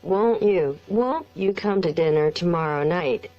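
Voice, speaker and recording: A text-to-speech woman's voice reading the lines of a nervous young wife, flat and slow. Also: fairly low pitch, muffled recording, soft background music. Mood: uneasy. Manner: hasty, strained.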